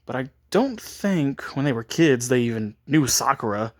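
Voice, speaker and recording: A man casually makes up a story as he goes, rambling and restarting his sentences. His voice sits at a middle pitch but swings widely up and down. He talks in an offhand, chatty way. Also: animated, moderate pace. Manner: rambling, with frequent restarts and chuckles. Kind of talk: casual improvised story retelling.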